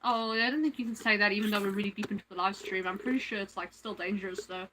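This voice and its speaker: Woman streamer, casual chat, bright forceful voice, rambly. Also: medium pitch, fairly even intonation, quick pace, slight background noise, poor audio. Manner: chatty, rambling, lots of fillers. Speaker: livestream host.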